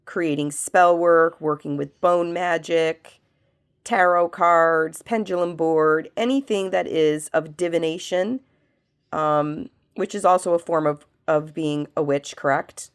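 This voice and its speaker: A woman who has a cold, working as a medium, leads a spiritual pendulum reading and asks slow yes-no questions that she answers herself. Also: low voice, steady tone, clear, resonant tone. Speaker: medium and reiki practitioner.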